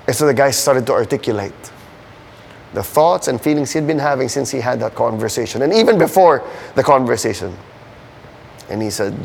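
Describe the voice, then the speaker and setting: A man's voice: mid-range voice, moderate pace, vocal fry, a little hiss or hum. A male pastor preaching a sermon, earnest and building to emphatic questions. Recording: long hall reverb.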